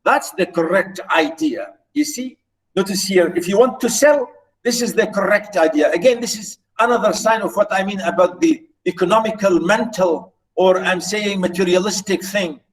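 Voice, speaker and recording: A man's voice: high voice, normal speed, distant mic, low-quality recording. A man lecturing on literature, who repeats and restarts phrases as he explains and points out British pronunciation.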